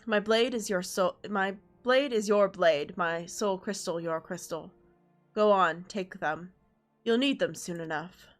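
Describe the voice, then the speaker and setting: A woman with a sore throat reading aloud the lines of a calm, confident male dark knight mentor from a game, in a measured, wry way. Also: medium pitch, faint music behind, close to an everyday voice. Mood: stern.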